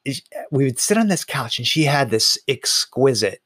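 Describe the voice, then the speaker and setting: A middle-aged man and storyteller speaking in a lively, conversational way, slowing down to linger on details. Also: mid-range voice, husky, no echo, clean studio sound. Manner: animated, slows down on details, many restarts. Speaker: storyteller and author.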